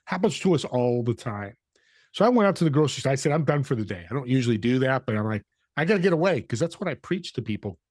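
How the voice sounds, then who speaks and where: A man guest on a podcast, telling a story in an animated way and acting out the dialogue. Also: medium pitch, quick pace, no room sound, studio quality. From California.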